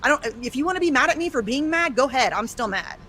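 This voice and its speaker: A woman's voice: sits high, lively intonation, fast, bright, forceful tone, slight background noise. A woman ranting indignantly about politics, emphatic and swearing. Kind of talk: angry political rant.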